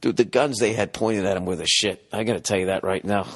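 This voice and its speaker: A man's voice: fairly low pitch, fairly even intonation, fast talker. A man, ranting profanely and incredulously in a casual comedic monologue. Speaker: podcast host.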